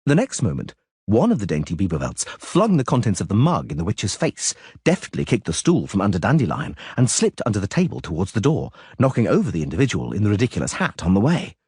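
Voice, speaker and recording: A man narrating an audiobook, his voice dropping low and steady between the characters he voices. His tone is husky, recorded dry and close, and his pitch still moves a lot. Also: quick pace, dry recording. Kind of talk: scripted narration.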